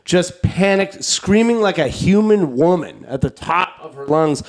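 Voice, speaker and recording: A man's voice: sits high, lively intonation, unhurried. A man co-hosting a comedy podcast, telling a long story in a loose, rambling way, full of fillers and casual swearing. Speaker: podcast co-host.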